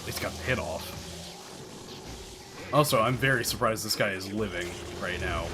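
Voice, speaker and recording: Game music plays while a man streams a game in casual commentary, chatting with viewers, explaining tactics, and swearing occasionally. His voice is lowish and his pace moderate.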